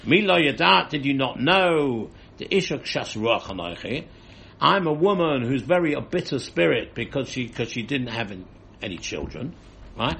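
A man's voice: mid-range voice, lively intonation, moderate pace, creaky, fairly bright tone. A man teaching a Talmud class, reading the text and explaining it line by line.

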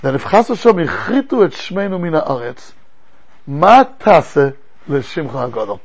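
Man giving a lively Torah class, high gravelly husky voice, rhetorical questions, stumbling restarts. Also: normal speed, a little hiss or hum, rough recording. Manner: animated, rhetorical questions, frequent stammering restarts. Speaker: rabbi teaching a Torah class. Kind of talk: animated Torah lecture.

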